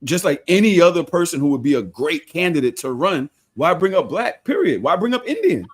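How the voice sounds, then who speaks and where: A man's voice: fairly high pitch, very animated, fairly quick, breathy edge. A man hosting a podcast in casual chat, blunt, swearing freely and pushing back on others.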